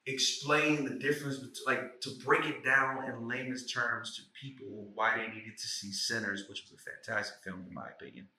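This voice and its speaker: A man with a St. Louis accent, a podcast guest who is an actor and writer, telling stories in animated, profane slang. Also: mid-range voice, fairly quick, hardly any pauses, a little hiss or hum. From St. Louis, USA. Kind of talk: casual conversation. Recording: echoey room, distant mic.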